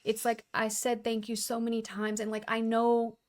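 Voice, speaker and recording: A woman co-hosting a podcast, telling a story in emotional, animated casual chat. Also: a little high, moderate pace. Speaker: podcast co-host.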